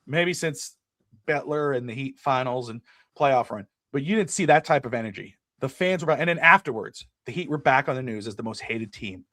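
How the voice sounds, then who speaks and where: A middle-aged man co-hosting a casual sports talk show, ranting with animated energy and swearing freely. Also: mid-range voice, moderate pace, no echo, studio quality. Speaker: podcast co-host.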